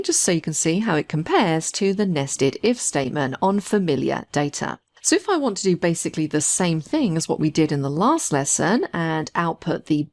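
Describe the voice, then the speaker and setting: A woman instructor narrating a screen-recorded software tutorial, explaining each step patiently. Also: lowish voice.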